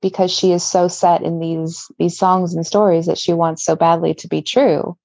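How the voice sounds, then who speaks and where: A woman guest on a podcast, talking things over in a thoughtful, measured way, in a dull lo-fi recording. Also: lowish voice, fairly even intonation, vocal fry, mellow, no room sound. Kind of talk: casual podcast chat.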